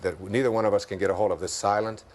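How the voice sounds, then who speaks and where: A man with a Detroit accent, an interview guest reflecting on spiritual ideas, telling stories, chuckling often and slowing down for key points. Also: fairly low pitch, fairly even intonation.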